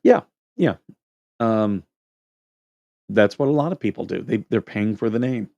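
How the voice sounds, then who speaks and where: A man's voice: lowish voice, moderate pace, vocal fry, dark tone, dry recording, dull audio. Joking man telling barracks stories. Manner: joking storyteller, laughs at own anecdotes. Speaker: livestream host, Marine veteran. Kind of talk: casual livestream chat reading comments.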